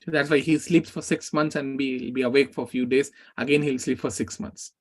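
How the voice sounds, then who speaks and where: A man who teaches a scripture class, retelling an epic in a lively way and speaking the characters' words aloud. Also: medium pitch, a little fast.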